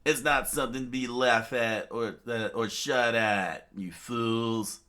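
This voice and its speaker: A man voicing a pompous, loud tyrant king who sneers and shouts at his enemies. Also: medium pitch, steady tone, takes it slowly, voice pushed up. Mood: angry.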